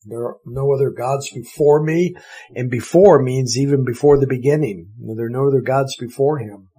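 A man's voice: medium pitch, moderate pace, warm tone, rough recording. A man teaching the Bible verse by verse, explaining Greek words with eager enthusiasm.

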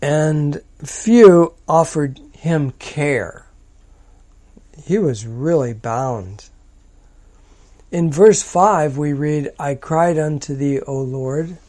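A man teaching from a psalm in a slow, deliberate, emphatic manner. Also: fairly high pitch, warm tone. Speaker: preacher.

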